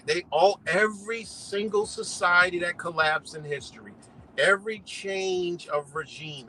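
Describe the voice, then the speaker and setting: Brief: male livestream host, slightly high, tense voice, swearing-heavy unscripted rant. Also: sharp tone, a little hiss or hum, rough recording. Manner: profane, slangy and emphatic, fillers like "you know".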